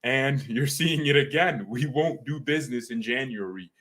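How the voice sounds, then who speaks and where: A man hosting his own fan channel in an excited, rambling vlog, laughing often as he talks. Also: mid-range voice, moderate pace.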